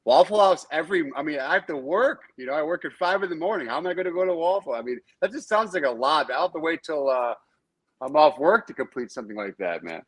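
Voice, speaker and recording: A man's voice: fairly high pitch, animated, fast, breathy edge. A man co-hosting a casual sports podcast, good-humored and mock-protesting. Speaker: podcast co-host. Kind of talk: casual chat.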